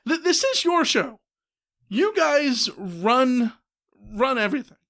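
A man in his thirties co-hosting a casual podcast, talking quickly and filling pauses with "uh.". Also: extremely high pitch, very animated, a bit bright. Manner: quick, chatty, with many "uh" fillers. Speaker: podcast co-host.

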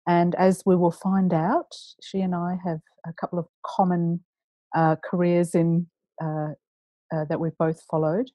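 Host, woman, lowish voice, dry close sound, chatty and upbeat. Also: flat delivery, measured pace, dark tone, no room sound, lo-fi sound. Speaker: podcast host. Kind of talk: casual podcast interview.

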